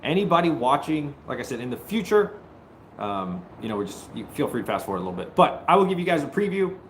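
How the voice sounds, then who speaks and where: A man hosting a casual live stream, greeting viewers and joking, at times breaking into loud mock-taunting. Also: on the high side, very animated, fast talker, slight background noise. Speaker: livestream host. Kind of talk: casual livestream chat with viewers.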